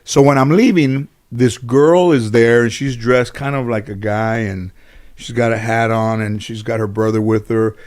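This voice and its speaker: A man's voice: medium pitch, steady tone, normal speed, a little mellow. A middle-aged man, a guest in an interview, telling casual stories in a rambling way full of "you know". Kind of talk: casual storytelling.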